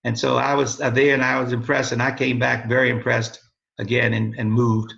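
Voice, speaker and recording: A man's voice: mid-range voice, flat delivery, a little fast, creaky, a bit bright, highs cut off. An older man telling stories in a casual interview, rambling and correcting himself as he goes. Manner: rambling, self-correcting storyteller. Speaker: interview guest, father of host.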